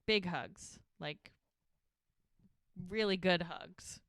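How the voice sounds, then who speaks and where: A woman's voice: lowish voice, very slow, a bit bright, no echo, clean studio sound. A woman co-hosting a podcast, casually retelling a TV episode scene by scene, quoting the characters as she goes. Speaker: podcast co-host.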